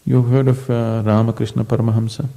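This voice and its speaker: A man as a spiritual teacher giving an emphatic storytelling discourse, dropping to a soft voice at times. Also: mid-range voice, little pitch movement, quick pace, creaky, big-room sound, rough recording. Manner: storytelling, acting out quoted voices.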